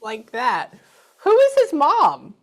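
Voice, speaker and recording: A woman's voice: high voice, huge pitch swings, slow pace. A middle-aged woman giving a psychic reading, chatting away and acting out the messages she passes on. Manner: chatty, relays messages with quoted voices.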